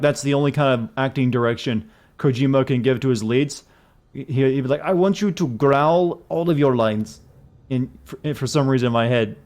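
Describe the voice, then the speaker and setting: A man's voice: mid-range voice, darkish tone. A man streaming a video game, making joking, irreverent, rambling commentary as he plays. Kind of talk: casual gameplay commentary.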